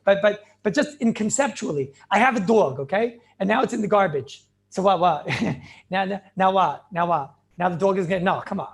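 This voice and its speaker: A rabbi teaches his class in an animated, chatty way, firing off questions and laughing often. He stumbles over repeated words as he restarts his thoughts. His voice sits high and his intonation swings widely. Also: a little fast, creaky. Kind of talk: lively Talmud class lecture.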